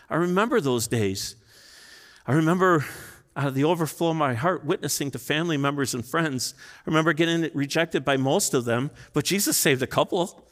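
In a church sanctuary, a pastor in his fifties delivers a sermon, sharing personal stories earnestly and emotionally. His voice is medium-pitched and a bit bright, with long reverb from the large hall.

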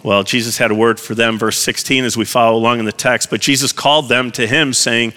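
Male lay preacher, conversational and self-deprecating sermon delivery, bright voice. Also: mid-range voice, fairly even intonation, brisk, hardly any pauses. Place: church. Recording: long hall reverb.

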